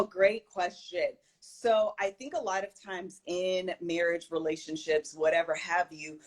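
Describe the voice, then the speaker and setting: A woman guest on a casual video chat, speaking earnestly and stressing her points with repetition. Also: mid-range voice. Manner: earnest, emphatic, repeats phrases for stress.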